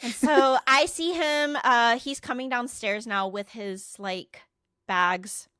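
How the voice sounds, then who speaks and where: Bright-voiced woman telling a story. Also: fairly high pitch, slow, smooth, no room sound, clean studio sound. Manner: profane, animated retelling with quoted dialogue. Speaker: podcast co-host. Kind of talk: casual storytelling chat.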